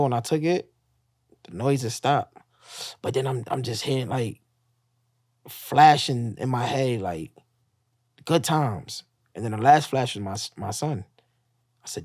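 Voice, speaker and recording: A man's voice: mid-range voice, lively intonation, measured pace, long pauses, a little mellow, dry recording, clean studio sound. A man casually telling a raw personal story, profane, acting out the voices he quotes. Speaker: guest telling his story.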